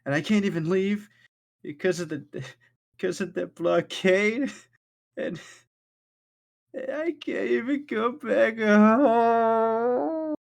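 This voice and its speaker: A man's voice: medium pitch, sing-song, moderate pace, few pauses, husky, pitched above the performer's own voice. A man voicing a timid young woman shipwright who stammers and pleads through tears. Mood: tearful pleading.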